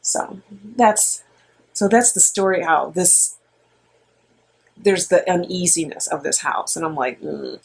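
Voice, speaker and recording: A middle-aged woman spins a spooky personal story in loose, rambling fashion, her voice a little husky. She is animated and sprinkles in fillers as she goes. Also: lowish voice, takes it slowly, long pauses. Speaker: co-host and mother. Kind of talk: casual storytelling.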